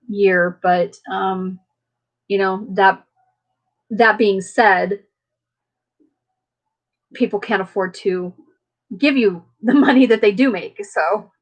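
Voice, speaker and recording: Chatty woman hosting a live stream. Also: medium pitch. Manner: rambling, chatty, many fillers; warm, friendly toward viewers. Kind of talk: casual live chat with viewers.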